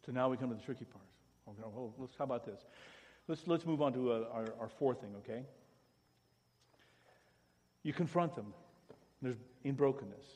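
Man, pastor, sermon, hushed to emphatic delivery, long hall reverb. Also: mid-range voice, moderate pace, long pauses. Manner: swings from hushed pleading to loud emphatic preaching.

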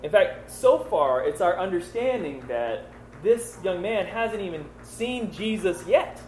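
A man's voice: high-pitched, expressive, a little slow, slight background noise. Man teaching the Bible conversationally, echoey room. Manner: conversational, many fillers and rhetorical questions.

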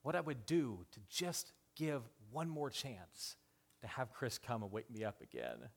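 Passionate male preacher, loud then hushed. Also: medium pitch. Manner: swings from loud excited appeals to hushed emotional storytelling; halting restarts and stammers. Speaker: pastor. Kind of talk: sermon.

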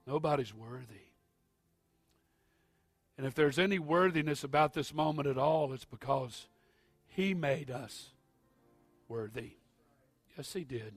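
Pastor preaching with rising intensity. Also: male voice, fairly high pitch, dry recording, faint music behind. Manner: builds from quiet, halting asides to loud, rising preaching. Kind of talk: sermon.

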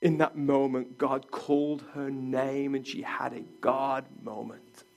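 A man preaching a sermon as a pastor, earnest, sometimes dropping to a hush for quoted words. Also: medium pitch, level tone, measured pace, gravelly, faint music behind.

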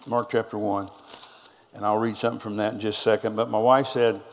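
Gravelly pastor preaching in a hall. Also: male voice, on the low side, little pitch movement, brisk. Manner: storytelling preacher, quoting others in conversation. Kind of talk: sermon.

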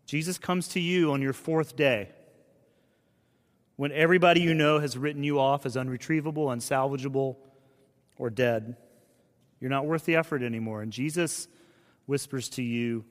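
A man preaching a sermon as a pastor, in a conversational, earnest style that often drops to a hushed delivery. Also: medium pitch, a little slow, pauses often. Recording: long reverb of a large hall.

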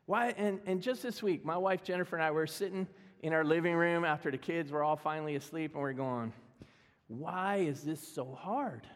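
A man's voice: on the high side, brisk. A middle-aged man preaching a sermon as pastor, conversational, humorous and self-deprecating. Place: church sanctuary. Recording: long reverb of a church hall.

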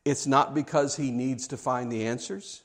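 A man's voice: mid-range voice, steady tone, normal speed. A man preaching a sermon, reading scripture aloud and explaining it with conversational asides and repeated words.

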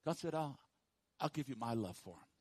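Preacher man swinging hushed to loud. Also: lively intonation, fairly quick, no room sound. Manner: swings from hushed low emphasis to loud high call-and-response. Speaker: pastor. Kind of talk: sermon.

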